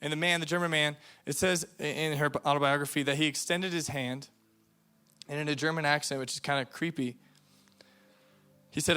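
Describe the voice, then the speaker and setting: A man with a bright, forceful tone and a fairly high voice gives an earnest sermon to a youth camp. He tells the story with rising and falling intensity and reads passages aloud, with faint music underneath. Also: fairly even intonation, brisk, long pauses, smooth. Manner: earnest storytelling, reads quotes aloud, varies volume for emphasis.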